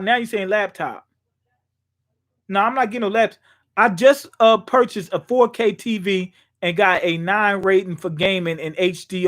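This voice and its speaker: A man's voice: high voice, fairly bright tone. A young man streaming from a small room at home, talking casually and profanely, thinking aloud with lots of fillers. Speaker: streamer reacting to a manga chapter. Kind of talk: casual live-stream chat.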